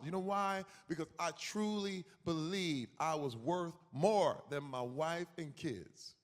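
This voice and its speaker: A man in his forties speaking as a guest in an on-stage conference conversation, emphatic and animated. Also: fairly high pitch, slow pace, hardly any pauses. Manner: animated, acts out quoted voices, emphatic. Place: conference hall. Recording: reverberant hall.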